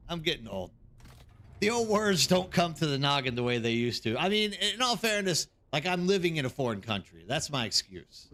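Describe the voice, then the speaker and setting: A man's voice: on the high side, big pitch swings, moderate pace, sharp tone. A man hosting a live game stream, chatting casually and rambling while greeting viewers by name. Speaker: streamer host.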